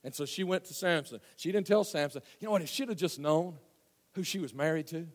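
A preacher with a high, folksy voice works through a scripture story, rising to near shouts and dropping to hushes. His sermon rings through a long hall reverb. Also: lively intonation, brisk.

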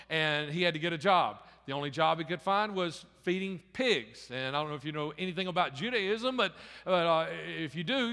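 A male pastor preaches a sermon, retelling a parable conversationally with frequent restarts and repeated words. His voice is a little high, bright, and forceful, and the recording carries long hall reverb.

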